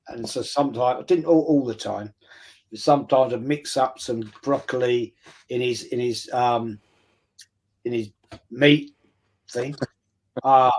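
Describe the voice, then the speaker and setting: A man's voice: mid-range voice, a little mellow. A man co-hosting a casual football livestream, telling rambling anecdotes with restarts and calling his friend mate. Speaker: livestream co-host.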